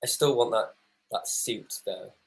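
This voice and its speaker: A man's voice: lowish voice, measured pace, vocal fry, low-quality recording. Wry chatty man. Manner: chatty, wry, reacting to the screen. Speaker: co-host reviewing a TV episode. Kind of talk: casual watch-along commentary.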